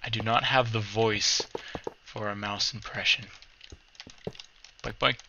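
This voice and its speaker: A man's voice: fairly low pitch, fairly even intonation, moderate pace, pushed and bright, dull audio, slight background noise. A man hosting a let's play, giving casual, rambling gameplay commentary, often correcting himself and humming little sound effects.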